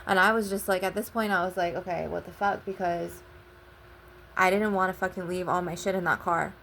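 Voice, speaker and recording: A woman's voice: lowish voice, steady tone, brisk, gravelly, fairly bright tone, a little hiss or hum. A woman telling a personal story in a casual, rambling way. She swears often and retells conversations with "I'm like" and "he was like.". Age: adult. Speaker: channel host.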